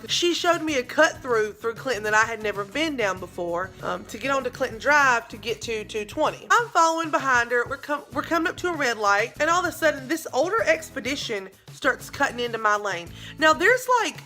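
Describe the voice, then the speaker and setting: A young woman telling a dramatic story in a casual vlog, with lively asides to her viewers. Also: high voice. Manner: animated, dramatic retelling with asides. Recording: faint background music.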